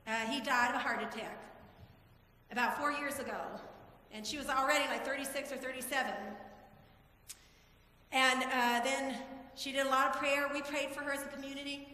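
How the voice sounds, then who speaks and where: A woman's voice: high-pitched, steady tone, normal speed, long pauses, pushed and bright. A woman in her forties preaching a heartfelt sermon to her congregation, telling personal stories. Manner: emotional, heartfelt storytelling to a congregation. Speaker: pastor. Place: church sanctuary. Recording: echoey church hall.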